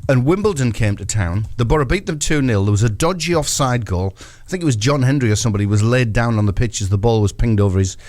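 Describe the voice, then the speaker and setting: A man, presenting a football chat show and telling anecdotes with lively delivery. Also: medium pitch, fast, few pauses, no room sound. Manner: animated storyteller. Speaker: radio presenter. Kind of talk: casual sports banter and anecdote.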